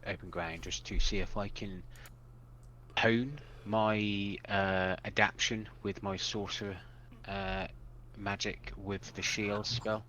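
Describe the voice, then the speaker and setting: A man playing a tabletop game, halting with many uhs. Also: lowish voice, little pitch movement, sharp tone, muffled recording, a little hiss or hum. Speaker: player.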